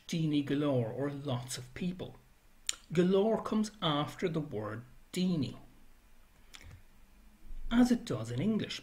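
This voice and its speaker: A man's voice: on the high side, darkish tone. A man giving an educational library talk, listing words one by one with brief asides.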